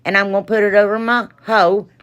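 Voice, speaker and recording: A woman's voice: medium pitch, little pitch movement, a little fast, a bit bright, clear, resonant tone, highs cut off. A woman, chatting casually to her viewers as she walks through a craft project and an unboxing, rambling from one thing to the next. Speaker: craft vlogger. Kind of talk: casual tutorial and unboxing chat.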